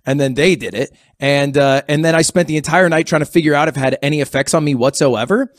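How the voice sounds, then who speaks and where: A young man in a casual podcast chat, slightly higher-pitched than most men. He tells his story in a rambling, sheepish way, full of fillers. The sound is dry and close, with no room echo. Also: fast. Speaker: podcast guest.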